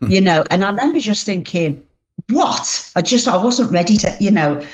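A woman's voice: mid-range voice, expressive, a little fast, darkish tone. A woman giving a heartfelt personal testimony as an interview guest, speaking earnestly and often restarting her sentences.

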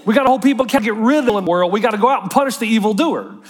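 A man preaching a sermon as a pastor, animated and acting out quoted voices. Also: high voice, very fast, husky, in a large hall.

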